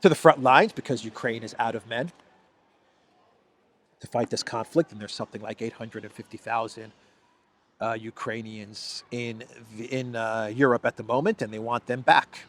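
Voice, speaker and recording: A man's voice: mid-range voice, moderate pace, fairly bright tone. A man hosting a solo news commentary, talking in an emphatic, sarcastic way with frequent restarts. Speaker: political commentary host.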